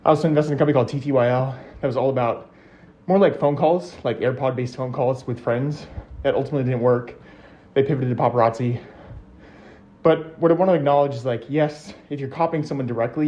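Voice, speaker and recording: A man's voice: mid-range voice, mellow, highs cut off. A man talking while riding a bike, slightly out of breath, sharing opinions in a casual chat.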